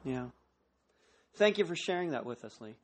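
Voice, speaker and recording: A man's voice: fairly high pitch, big pitch swings, normal speed. Man hosting a radio interview. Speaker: radio host.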